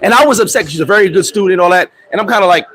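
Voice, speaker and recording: A man hosting a casual livestream, telling stories in a profane, animated way, with loud outbursts, and answering viewer comments. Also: high voice, rapid-fire, slight background noise, poor audio. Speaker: livestream host.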